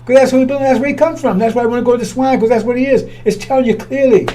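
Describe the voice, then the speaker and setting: A man's voice: very high-pitched, fairly even intonation, very fast, warm tone, slight background noise. A man preaching in a blunt, scornful way, often repeating and restarting his words. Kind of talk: fiery preaching.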